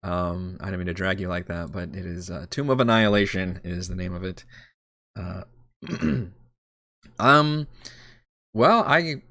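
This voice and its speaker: A man's voice: deep voice, a little slow, pauses often, pushed and bright, no echo, clean studio sound. A man preparing his tabletop game on a live stream, talking casually, rambling and correcting himself. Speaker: dungeon master.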